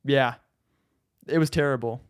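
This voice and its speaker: Smooth-voiced young man chatting easily. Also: medium pitch, unhurried. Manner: easygoing, chatty, many fillers. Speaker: podcast host. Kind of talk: casual podcast chat.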